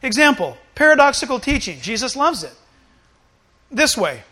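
Middle-aged man preaching, high and bright, lively delivery with acted-out quotes. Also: normal speed. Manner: animated, acts out quoted voices. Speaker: pastor. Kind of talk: sermon.

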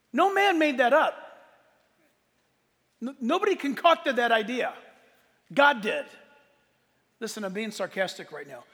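Emphatic high-voiced pastor in a hall. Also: male voice. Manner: emphatic, rhetorical questions, bursts of loud emphasis. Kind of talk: sermon.

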